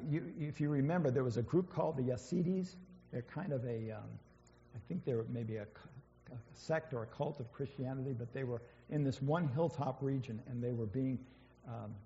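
A man's voice: medium pitch, warm tone, slight background noise. A man speaking from the front of a church, his talk loose and conversational, full of ums and false starts. His voice carries a long reverb through a large hall, and the recording is dull and muffled. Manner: conversational, hesitant, many fillers and restarts. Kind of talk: informal sermon with slides.

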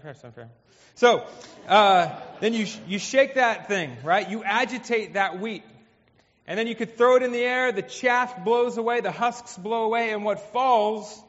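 A male pastor preaching a sermon in a conversational way, his voice swinging from hushed to emphatic. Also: sits high. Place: church hall. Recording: dull, echoey hall.

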